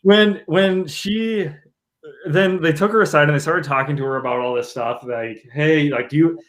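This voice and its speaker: A man with a somewhat high voice tells an anecdote on a casual podcast. He is animated and jokey and slips into acted-out quotes as he goes. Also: normal speed. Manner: animated, joking storyteller who acts out quotes.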